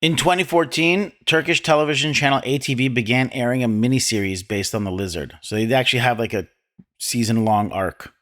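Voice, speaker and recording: A man co-hosting a film podcast, reading trivia from his notes with dry deadpan jokes. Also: medium pitch, brisk. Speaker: podcast co-host. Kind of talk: casual film discussion.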